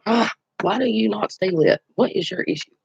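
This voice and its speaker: A man's voice: high voice, normal speed, gravelly, breathy edge, no echo, dull audio. A man hosting his own channel, chatting casually on a live stream, telling stories and answering viewer comments. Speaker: channel host.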